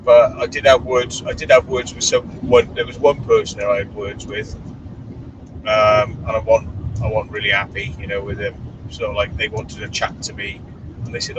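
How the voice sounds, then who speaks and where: A man in a moving car talks bluntly and swears freely as he tells stories. He sits well back from the microphone. Clear road noise runs under his voice. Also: on the low side, moderate pace. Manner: blunt, swearing, animated storytelling. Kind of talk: casual chat while driving. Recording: distant voice with clear background noise.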